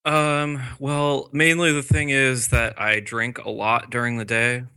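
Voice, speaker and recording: A man answering interview questions casually, halting and joking with many fillers. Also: medium pitch, little pitch movement, sharp tone, smooth. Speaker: interview guest. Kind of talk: casual chat.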